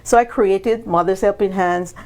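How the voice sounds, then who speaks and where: A woman guest on a business podcast tells her story with animation, acting out quoted dialogue through sudden pitch jumps, at a moderate pace.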